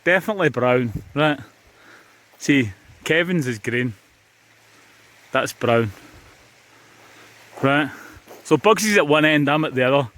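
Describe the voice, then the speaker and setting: A man's voice: a little high, animated, slow, pauses often, fairly bright tone. A man with a Scottish accent, chatting casually to viewers while wild camping outdoors on a beach. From Scotland. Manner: chatty, addresses viewers as guys. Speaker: vlogger. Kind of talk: casual outdoor vlog chat.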